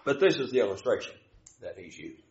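A man's voice: fairly low pitch, very animated, quick pace, vocal fry, darkish tone. A man teaching a folksy Bible sermon, explaining scripture with homespun everyday illustrations. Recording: roomy, dull lo-fi recording.

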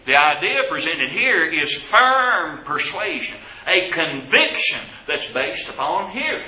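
A man's voice: a little high, sing-song, slow, sharp tone, echoey room, lo-fi sound. A man preaching a sermon to his congregation, asking rhetorical questions with emphasis.

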